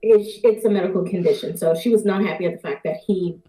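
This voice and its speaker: A woman with a low, mellow voice explains things plainly. She sounds like she is in an echoey room. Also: quick pace.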